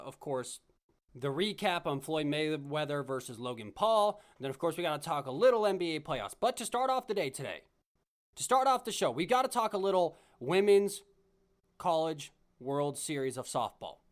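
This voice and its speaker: A young man hosts a solo sports podcast, rambling and chatty, often doubling back on his words. His voice sits a little high for a man. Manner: chatty, rambling, repeats himself and restarts. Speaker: podcast host.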